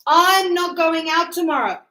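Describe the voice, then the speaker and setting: High-voiced woman teaching in an echoey classroom. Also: a little slow, pushed and bright. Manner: patient, encouraging explaining with examples. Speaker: English teacher. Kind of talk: classroom grammar lesson.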